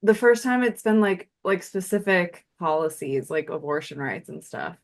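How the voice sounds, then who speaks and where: Lower-voiced woman in easy chat. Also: lively intonation, normal speed. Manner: laughing easily, conversational, swears casually. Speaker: podcast co-host. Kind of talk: casual chat.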